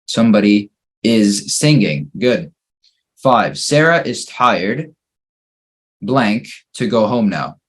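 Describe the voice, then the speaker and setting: A man's voice: fairly low pitch, expressive, takes it slowly, pauses often, husky. A man teaching an English grammar lesson, patiently working through fill-in-the-blank exercises and praising each answer.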